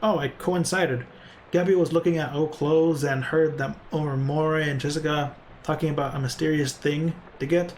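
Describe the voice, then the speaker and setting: A man's voice: on the high side, steady tone, moderate pace, a little mellow, slight background noise, natural voice. A man voicing an eager young goblin flapper woman who speaks of herself in the third person.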